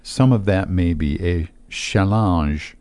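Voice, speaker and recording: A middle-aged man, a financial advisor, explaining estate matters in casual talk-show chat, steady with frequent fillers. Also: low-pitched, unhurried.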